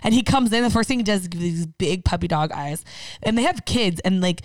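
A woman chatting casually, an animated storyteller who acts out quotes and swears freely. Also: fairly low pitch, fairly quick, dry recording. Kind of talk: casual chat.

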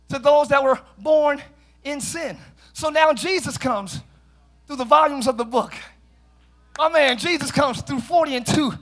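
Male pastor, sermon, very high voice, bright and forceful, shouts, jokes with the congregation, church. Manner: preaching, often shouting, with playful asides to the congregation. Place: church sanctuary.

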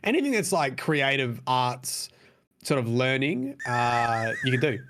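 A man talking casually as a podcast co-host. He rambles from point to point, drops swear words without a second thought and leans on plenty of fillers. His pitch sits in an ordinary middle range. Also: sing-song, measured pace, background noise. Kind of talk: casual chat.

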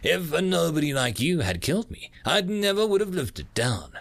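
A man voicing a scornful young blonde woman fighter who gives hard, sharp commands. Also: a little high, very animated, normal speed, vocal fry, voice pushed up, exaggerated voice. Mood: scornful, commanding.

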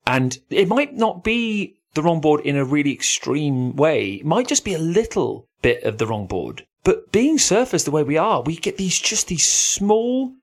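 A man's voice: fairly high pitch, big pitch swings, normal speed, hardly any pauses. A man co-hosting a surf podcast, talking things over in a reflective, thoughtful way. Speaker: podcast co-host. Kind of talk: casual chat.

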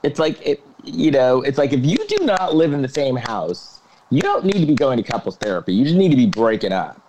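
A man's voice: medium pitch, a little fast, slight background noise. A man co-hosting a podcast, recapping a film in casual chat and acting out the characters' lines with dramatic flair. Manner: animated, acts out quotes with dramatic flair. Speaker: podcast co-host.

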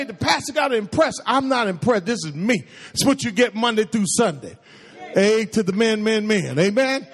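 A pastor preaching a sermon in a lively, conversational way, with playful asides and quoted voices acted out. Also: male voice. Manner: acts out quoted voices in a high pitch.

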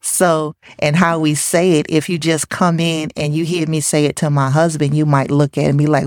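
A woman co-hosting a relationship talk show, chatting casually about communication, laughing often and acting out lively quotes. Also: deep voice, moderate pace, few pauses, no echo, studio quality. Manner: lively, laughs often, animated quoting of others. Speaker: podcast co-host.

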